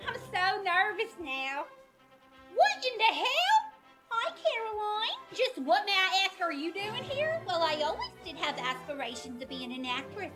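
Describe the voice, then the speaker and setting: A woman playing a brash, dramatic woman in a lookalike contest. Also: high-pitched. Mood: nervous. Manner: feisty, dramatic, catty. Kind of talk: comedy sketch acting.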